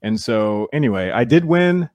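A baseball player is interviewed here, talking at a medium pitch and normal speed with no echo. He chats casually as an animated storyteller, acting out the voices of people in his stories.

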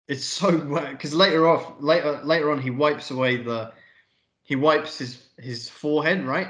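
A man co-hosting a film review podcast, talking casually and excitedly, swearing and acting out scenes. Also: mid-range voice, roomy sound. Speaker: podcast co-host.

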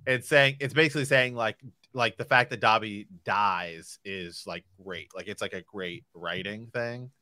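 Brief: male co-host, bright and forceful, animated, reads passages aloud. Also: lowish voice, moderate pace, hardly any pauses, no echo, clean studio sound. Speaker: podcast co-host. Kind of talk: casual book discussion and reading aloud.

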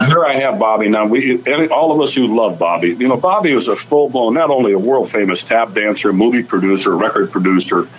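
A man's voice: fairly low pitch, brisk, hardly any pauses, lo-fi sound, slight background noise. Older man telling folksy cowboy stories. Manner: folksy anecdotal storytelling, acting out quoted voices. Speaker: guest, author and rancher. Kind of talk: storytelling on a radio talk show.

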